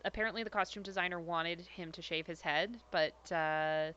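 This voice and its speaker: A bright, clear-toned woman talks through an episode recap in a relaxed podcast chat. She is chatty, laughs easily and fills pauses with ums and uhs. The audio is slightly dull and lo-fi. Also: lowish voice, no echo. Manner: chatty, laughs often, hesitant fillers. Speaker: podcast co-host.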